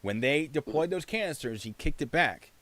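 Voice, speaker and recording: A man hosts a casual livestream and walks through his argument point by point, asking rhetorical questions as he goes. His pitch rises and falls a lot. The sound is close and dry. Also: normal speed, no room sound. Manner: animated, explains with rhetorical questions.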